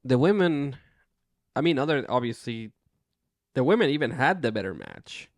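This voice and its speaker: A man's voice: mid-range voice, big pitch swings, moderate pace, dry recording, clean studio sound. A man co-hosting a casual wrestling podcast, laid-back, swearing freely and laughing often. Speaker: podcast co-host.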